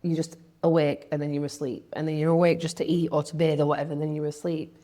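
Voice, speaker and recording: A woman's voice: sits low, flat delivery, fast talker, mellow. A young woman, talking candidly as an interview guest, chatty, with lots of "like" and quoted thoughts.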